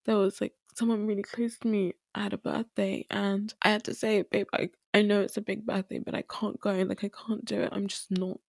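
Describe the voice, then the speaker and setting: A woman's voice: mid-range voice, little pitch movement, brisk, vocal fry, hardly any pauses, darkish tone, no echo. A young woman hosting a podcast, talking candidly and earnestly about confidence and anxiety, repeating herself for emphasis and close to tears at times. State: tearful at times. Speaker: podcast host. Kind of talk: candid solo podcast talk.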